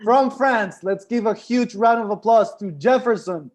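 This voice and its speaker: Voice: medium pitch, measured pace, a little mellow. A host emceeing an online comedy show over a video call, upbeat and coaxing the audience.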